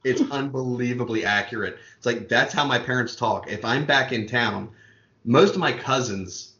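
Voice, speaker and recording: A man's voice: medium pitch, pushed and bright. Man from Maryland, middle voice, rambling anecdotes, echoey dull recording. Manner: rambling storyteller, quick asides. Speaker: podcast co-host. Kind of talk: casual chat. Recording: roomy, dull lo-fi sound.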